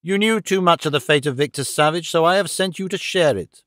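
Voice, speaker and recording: A man's voice: on the high side, brisk, fairly bright tone, dry recording, studio quality, close to an everyday voice. A man voicing a cold, gloating middle-aged male villain who mocks and menaces his dying victim. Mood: menacing. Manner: sneering, menacing, mocking.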